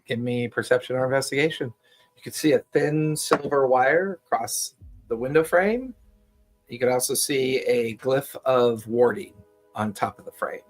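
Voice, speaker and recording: A man's voice: mid-range voice, normal speed, faint music behind. A man running a tabletop game as game master, describing scenes steadily with the odd filler "uh".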